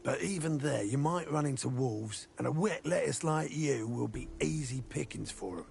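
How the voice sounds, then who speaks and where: An actor playing a sly, cocky male convict hunter in a video game, with a gravelly voice and rough slang. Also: medium pitch, expressive, normal speed, darkish tone. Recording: game music behind.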